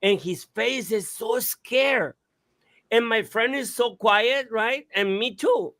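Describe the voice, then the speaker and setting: A man hosting a radio talk show, telling a story in an animated, casual way, swearing and imitating sounds. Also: very high voice, slow pace.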